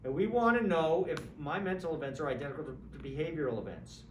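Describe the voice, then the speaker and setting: A man teaching an introductory philosophy class in a conversational, lively way, acting out examples and checking in with students. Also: fairly high pitch, fast. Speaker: philosophy lecturer. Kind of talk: classroom lecture. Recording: roomy, distant mic with faint background hum.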